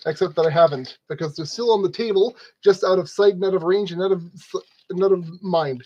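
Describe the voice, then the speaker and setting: A man's voice: high voice, fairly quick, warm tone, lo-fi sound. A man narrating a model kit build in a casual, rambling way, scolding his tools and joking at his own expense. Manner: rambling, talks to objects, self-deprecating.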